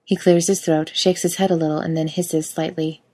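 A woman reads a story aloud with a wry, casual delivery that lets the odd swear word through. Her voice sits a little low. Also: little pitch movement, normal speed, dark tone. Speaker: reader. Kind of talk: storytelling narration.

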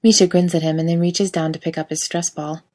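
A woman reads a story aloud with a wry, casual delivery that lets the odd swear word through. Her voice sits a little low. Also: level tone, a little fast, darkish tone. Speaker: reader. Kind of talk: storytelling narration.

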